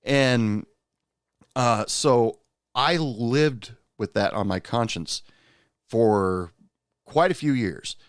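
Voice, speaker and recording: A man's voice: medium pitch, extremely slow, pauses often, no room sound, studio quality. A man hosting a podcast, telling a personal story in a candid, rueful, conversational way. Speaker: podcast host.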